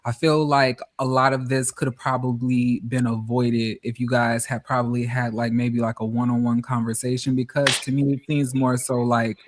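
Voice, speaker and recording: A man's voice: mid-range voice, little pitch movement, moderate pace, hardly any pauses. Thoughtful man musing on a panel. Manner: reflective, hesitant, many fillers. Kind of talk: casual panel discussion.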